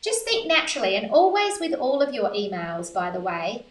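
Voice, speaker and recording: A woman's voice: a little high, very animated, moderate pace. A woman giving a business coaching lesson, upbeat and conversational with punchy asides. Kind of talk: instructional talk to camera. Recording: roomy echo, mic held at a distance.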